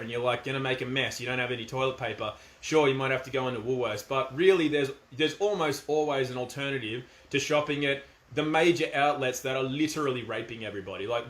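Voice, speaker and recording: A man's voice: medium pitch, a bit bright. Emphatic Australian man in an echoey room. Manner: emphatic, firm, conversational. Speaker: commentator. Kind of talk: casual monologue to camera.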